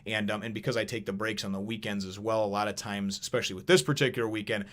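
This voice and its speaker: A man's voice: on the low side, fairly even intonation, quick pace, a bit bright. A man casually reviewing a manga chapter in a vlog, rambling and chatty, with plenty of swearing.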